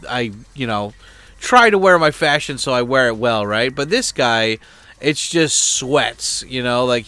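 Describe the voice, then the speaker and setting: A man's voice: medium pitch, pushed and bright, smooth, no echo. A middle-aged man hosting a channel, venting in a rambling, blunt, crude way, full of fillers and restarts. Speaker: host. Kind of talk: casual venting monologue.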